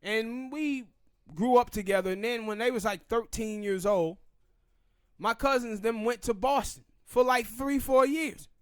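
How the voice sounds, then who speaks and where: Southern male podcast host, high-pitched, opinionated, talks with hard emphasis. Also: clean tone, dry recording, studio quality. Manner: emphatic, ranting, drawn-out pauses. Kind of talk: opinionated casual commentary.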